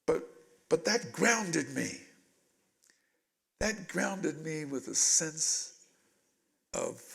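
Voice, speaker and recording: Gravelly animated man in his eighties. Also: high voice. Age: 80s. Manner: animated storyteller, voices quotes loudly. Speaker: guest speaker. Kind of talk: storytelling in a panel talk.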